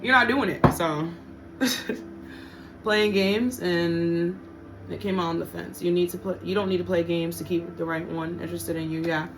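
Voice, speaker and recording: A woman's voice: lowish voice, fairly even intonation, a little slow, background noise. A woman giving a casual tarot reading to her viewers, blunt and profane, often repeating her points for emphasis. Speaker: tarot reader.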